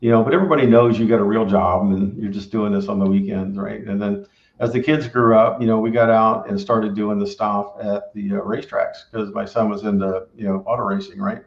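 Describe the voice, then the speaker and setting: Low-voiced man in a roomy, dull recording. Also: fairly even intonation, a little fast, vocal fry. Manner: rambling, filler-heavy, keeps asking "right?". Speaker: restaurant owner and pitmaster. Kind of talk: casual advice talk.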